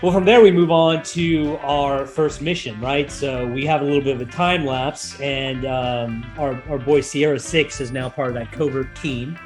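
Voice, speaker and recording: A man with a nasal voice co-hosting a casual movie-review podcast, riffing in animated, jokey rants. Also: medium pitch, moderate pace, few pauses, faint music behind. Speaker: podcast co-host.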